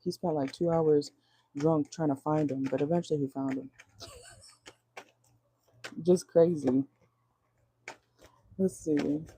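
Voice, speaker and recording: A woman's voice: low voice, steady tone, slow pace, long pauses, mellow, slight background noise. A woman giving a casual tarot reading from her car, chatty and blunt, laughing often and swearing freely. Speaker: tarot reader.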